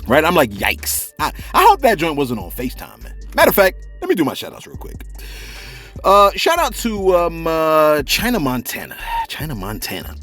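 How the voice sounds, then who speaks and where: A man hosting a celebrity gossip channel, talking in animated, joking street slang. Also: a little high, normal speed, faint music behind.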